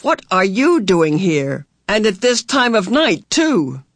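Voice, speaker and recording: A man's voice: high-pitched, moderate pace, a bit bright, no echo. A man reading aloud, voicing a small young boy who talks in a suspicious, bossy, indignant way.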